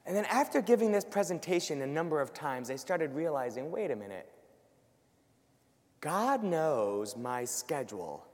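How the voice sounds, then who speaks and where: A man giving a lively church talk to a live audience, acting out worried voices. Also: a little high, normal speed. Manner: animated, acts out worried voices. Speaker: Catholic speaker. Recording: long hall reverb.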